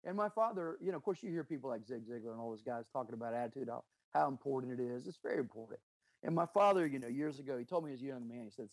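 Racing along in a mid-range voice with no room sound, a middle-aged business owner recounts leadership anecdotes during an interview. His delivery is earnest and emphatic, and he quotes dialogue as he tells his stories.

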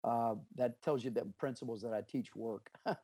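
A man's voice: mid-range voice, fairly even intonation, normal speed, dark tone, breathy edge, no room sound. A middle-aged man, a business owner, telling leadership stories in an interview, earnest and emphatic. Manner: earnest, emphatic, anecdotal with quoted dialogue. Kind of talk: interview, storytelling about leadership.

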